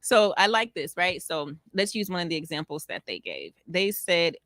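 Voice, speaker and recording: A woman's voice: on the low side, sing-song, moderate pace, noisy background. A woman co-hosting a casual chat, explaining steadily and laughing along with her partner. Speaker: co-host.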